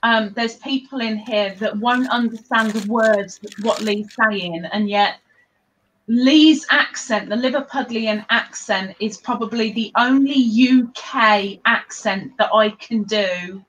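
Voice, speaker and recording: A woman hosting a casual livestream, chatting and teasing her viewers in an animated way. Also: fairly high pitch, slow, slight background noise, low-quality recording. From England. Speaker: livestream host.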